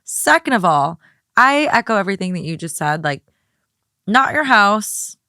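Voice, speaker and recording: A woman's voice: mid-range voice, big pitch swings, moderate pace, pushed and bright, dry recording, studio quality. A woman co-hosting a podcast, blunt and sarcastic, swearing freely. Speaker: guest co-host. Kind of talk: casual podcast chat.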